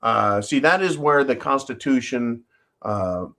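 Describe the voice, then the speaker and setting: A man's voice: mid-range voice, expressive, a little slow, sharp tone. A man hosting a show in a casual, swearing rant and often chuckling. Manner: profane, ranting, chuckling often. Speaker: host. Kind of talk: casual ranting monologue.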